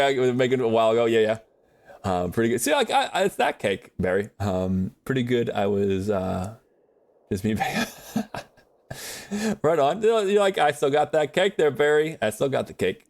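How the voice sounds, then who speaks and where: A man chatting casually on a live gaming stream, rambling and animated as he reads and answers chat from his viewers. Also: fairly low pitch, moderate pace, vocal fry. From United States.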